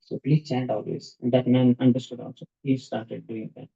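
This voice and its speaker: A man's voice: mid-range voice, level tone, creaky, mellow. Storytelling male preacher, muffled recording. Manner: storytelling with many "uh" pauses, acting out quoted lines. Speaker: preacher telling a saint's story. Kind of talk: devotional talk.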